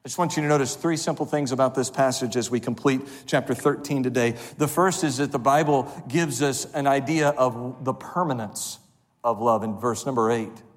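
A male pastor preaching a sermon, leading the congregation in call-and-response and slowing down to read scripture. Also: medium pitch. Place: church sanctuary. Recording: long hall reverb.

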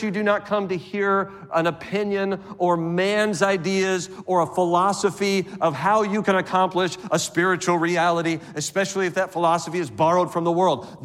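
Guy preaching in a church, lively, acts out bits, slightly high voice, echoes off the hall. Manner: animated preaching with acted-out voices. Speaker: pastor. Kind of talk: sermon. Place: church sanctuary. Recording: long reverb of a church hall.

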